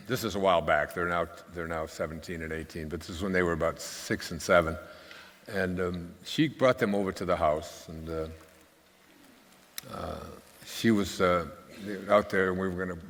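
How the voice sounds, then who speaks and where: Older man with a deep voice, telling rambling stories. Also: fairly bright tone. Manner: rambling and conversational, many fillers, dry humor. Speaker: speaker at a live talk. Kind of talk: anecdotal storytelling talk. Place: stage at a live event. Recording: long hall reverb.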